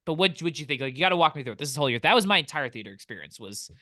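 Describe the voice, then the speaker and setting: A man co-hosting a film podcast, telling stories in an animated way and swearing freely. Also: a little high, racing, dry recording, clean studio sound. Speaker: podcast co-host. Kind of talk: casual film podcast chat.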